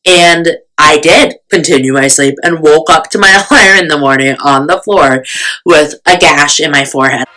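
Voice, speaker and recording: A woman's voice: deep voice, moderate pace, bright, forceful tone, poor audio. A young woman vlogger telling a storytime in casual, chatty talk, full of fillers and self-mocking asides.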